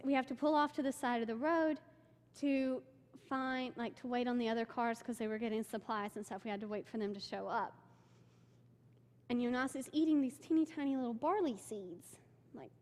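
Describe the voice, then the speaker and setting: Young woman, slightly high voice, eager church talk with plenty of fillers, long hall echo. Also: moderate pace. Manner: excitable storytelling, many "like" fillers. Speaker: church member giving a mission trip report. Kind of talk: informal talk with slides. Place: church sanctuary.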